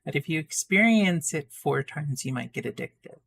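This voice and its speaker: A man playing a tabletop game, joking in a dry, deadpan way. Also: on the high side, moderate pace, vocal fry. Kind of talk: casual tabletop play.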